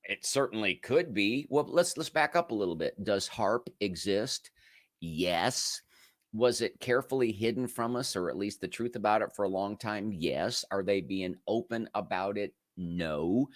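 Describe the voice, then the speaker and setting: A man's voice: on the low side, lively intonation, a little slow, no echo, clean studio sound. A man hosting a casual livestream, reading viewer comments and answering his own rhetorical questions. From United States. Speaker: livestream show host.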